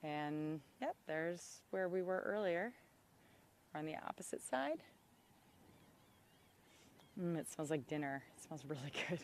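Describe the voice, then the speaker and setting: A woman hosting an outdoor livestream, talking excitedly into a handheld camera by a public road. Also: low voice, unhurried, pauses often, a little hiss or hum. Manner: excitable, exclaims often. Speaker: livestream host.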